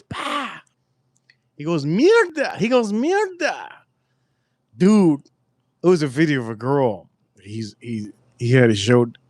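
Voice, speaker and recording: A man chatting on his livestream, his voice sitting a little high and sounding dry and close to the mic. He rambles through crude stories with loud bursts and frequent swearing. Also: no room sound. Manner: rambling storytelling, loud and profane. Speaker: livestream host. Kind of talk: casual livestream chat.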